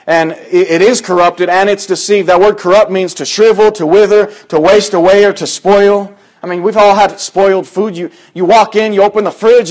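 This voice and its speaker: Preacher, man, high-pitched, conversational sermon with sudden loud acted-out lines.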